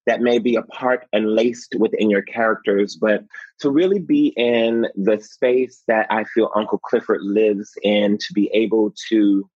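A male actor talking in an interview, expressive and animated, laughing often and acting out quotes. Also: mid-range voice, husky, no room sound. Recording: slightly muffled, dry.

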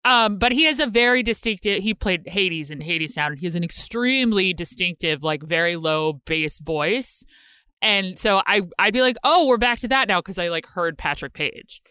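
Brief: woman podcast co-host, bright and crisp, wry rambling chat, dry close mic. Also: on the low side, animated, moderate pace, dry recording. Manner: rambling, self-interrupting, wry. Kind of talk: casual chat.

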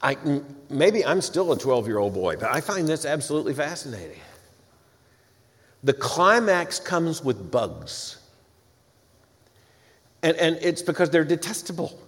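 A man's voice: fairly high pitch, big pitch swings, unhurried, long pauses, a bit bright. A man preaching an expository sermon, reading scripture aloud and breaking off for emphatic, wry asides. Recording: long hall reverb.

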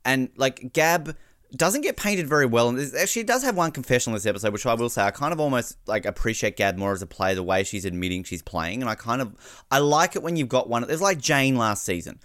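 A man co-hosting a casual podcast about a reality show, talking in an animated way and acting out quotes. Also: mid-range voice, dry recording, clean studio sound. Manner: animated, quick to act out quotes. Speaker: podcast co-host. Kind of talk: casual chat.

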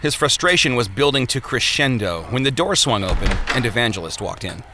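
A man reading an audiobook in a measured, descriptive way. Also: medium pitch, sing-song, background noise. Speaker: narrator. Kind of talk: scripted audiobook narration.

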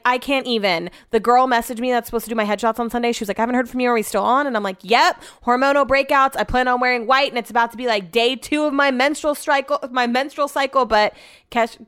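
A woman's voice: fairly high pitch, fairly bright tone, clean tone, dry recording, clean studio sound. A young woman hosting a podcast, chatting casually and self-deprecatingly, laughing often. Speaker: podcast host. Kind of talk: casual solo podcast chat.

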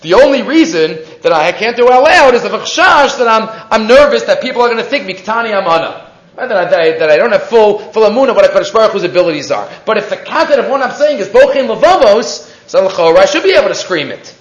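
High-voiced man teaching in an echoey room. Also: fast talker. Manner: lively, questioning, mixes Hebrew and Yiddish terms. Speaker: Torah teacher. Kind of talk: weekly Torah portion class. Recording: echoey, dull lo-fi room recording.

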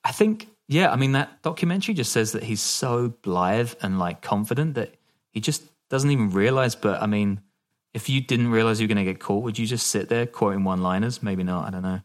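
A man's voice: lowish voice, fairly quick. A man co-hosting a podcast, telling a story in a laid-back, casual way, laughing often and swearing now and then. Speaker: podcast co-host.

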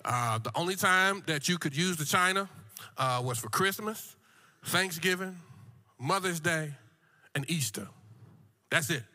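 A man preaches a sermon in a rising and falling African American church cadence. His voice sits high and rings bright and forceful. He stammers into repeated words and calls out to the congregation as he builds. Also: animated, measured pace, long pauses. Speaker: guest preacher.

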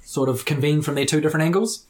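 A game master narrating a tabletop game in a relaxed, easygoing way with fillers. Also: medium pitch, fast, slight background noise.

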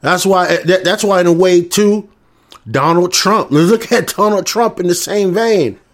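A man's voice: sits high, measured pace. A man with a Southern US accent delivering a combative, profane, repetitive rant. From American South. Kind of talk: ranting monologue.

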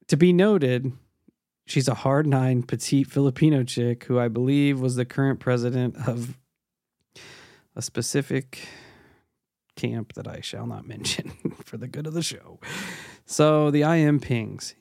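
A man's voice: mid-range voice, darkish tone, dry recording, studio quality. A male podcast host chatting casually and reading a listener's story aloud in a laid-back, profane way.

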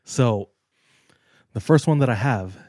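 A man's voice: mid-range voice, expressive, a little slow, darkish tone, no echo, studio quality. A man co-hosting a podcast in casual chat, with a laid-back, joking manner. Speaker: podcast co-host.

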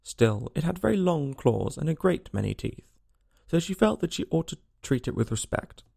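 A man narrating a storybook aloud in an expressive, lilting manner. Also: fairly high pitch, moderate pace, creaky, slightly rough.

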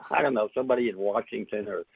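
Deep, gravelly older man over a tinny phone line. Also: dry recording. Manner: reflective, halting with many fillers and restarts. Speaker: interview guest, author. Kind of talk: casual storytelling interview.

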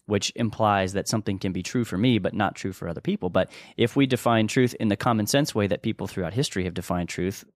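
A man's voice: on the low side, fast talker, hardly any pauses, dry recording, studio quality. A man co-hosting a podcast, talking in an earnest, rambling way with restarts and chuckles. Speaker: podcast co-host. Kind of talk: casual conversational podcast teaching.

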